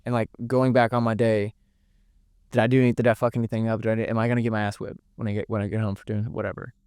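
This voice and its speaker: A man's voice: lowish voice, level tone, fast talker, darkish tone, clean tone, dry recording, clean studio sound. A young man giving an earnest, emotional podcast interview, swearing freely and repeating words as he talks. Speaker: podcast guest. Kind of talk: candid emotional interview talk.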